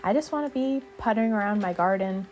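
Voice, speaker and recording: A woman's voice: medium pitch, lively intonation, quick pace, a little mellow, soft background music. A young woman vlogger narrating casually, chatty and rambling with a self-deprecating streak.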